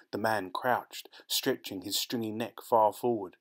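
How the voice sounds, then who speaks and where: A man narrating a short story in a measured, deliberate audiobook reading. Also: fairly low pitch, fairly even intonation.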